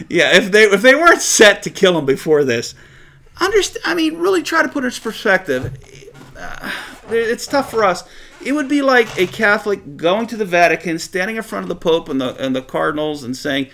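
Gravelly man teaching scripture animatedly. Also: high-pitched. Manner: animated, laughs often, paraphrases scripture conversationally. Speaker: Bible teacher. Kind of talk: informal Bible study teaching.

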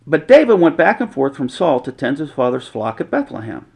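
A gravelly-voiced man leads a relaxed Bible teaching. He reads a passage, then unpacks it in plain modern talk with wry jokes, his pitch swinging widely as he goes. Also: brisk. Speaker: pastor.

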